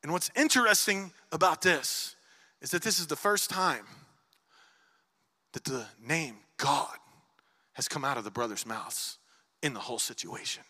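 Male preacher, high and sharply bright, storytelling sermon, hushed to shouting, long church-hall reverb. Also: measured pace, pauses often. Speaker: pastor.

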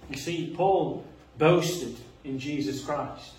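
A man preaching a sermon, earnest, moving between quiet reflective passages and rising emphasis. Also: on the high side, slow. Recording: echoey room, voice a bit far from the mic.

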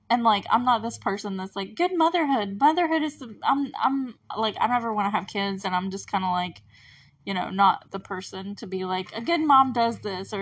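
A woman's voice: mid-range voice, fairly bright tone. Giggly, chatty young woman podcaster. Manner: chatty and giggly, many fillers. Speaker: podcast host. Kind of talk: casual rewatch commentary.

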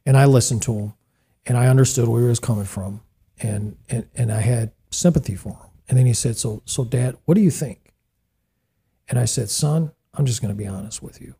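A middle-aged man hosting a casual faith talk, preachy and excitable. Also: medium pitch, fairly quick, husky. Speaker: host.

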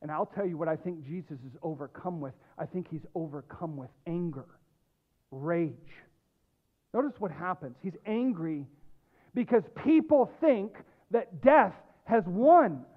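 A male pastor preaching a sermon, emphatic, dropping low and quiet and then rising with loud stress. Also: lively intonation, unhurried. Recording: tinny phone-like lo-fi sound.

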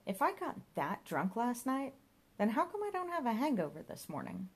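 Woman reading as bewildered young man, questioning, lively ups and downs, pitched higher than her narration. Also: moderate pace, slightly rough, exaggerated voice. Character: puzzled young man, hungover and confused.

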